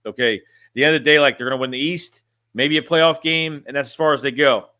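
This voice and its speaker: Bright-voiced, blunt man streaming casually. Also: medium pitch, fast talker, no echo, studio quality. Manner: blunt, rambling, repeats and restarts phrases. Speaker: sports fan streamer reading chat. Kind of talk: casual livestream chat.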